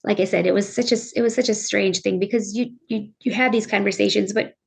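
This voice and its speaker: A middle-aged woman, a bereaved mother, telling her story earnestly and haltingly as a podcast guest. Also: medium pitch, steady tone, creaky, slightly rough. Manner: earnest, halting, circling back on her words. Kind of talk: emotional personal storytelling.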